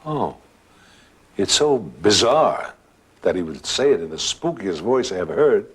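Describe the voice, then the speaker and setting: A man recounts an eerie experience as a guest storyteller, in a dramatic, chatty way. His voice is low and husky. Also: big pitch swings, measured pace. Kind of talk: spoken ghost anecdote.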